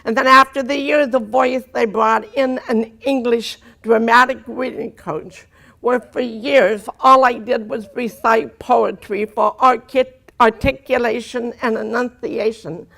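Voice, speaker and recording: A woman's voice: on the high side, fairly even intonation, a little slow, gravelly, a bit bright. Woman with a distinctive deaf speech pattern. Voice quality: distinctive deaf speech with unusual vowels and articulation. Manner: earnest storytelling with dry humor. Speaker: speaker giving a personal testimony. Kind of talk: testimony talk to an audience.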